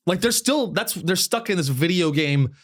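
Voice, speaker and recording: A comedy podcast host with a high-sitting, expressive voice chats casually at a moderate pace. He rambles, swears, and often slips into mocking impressions.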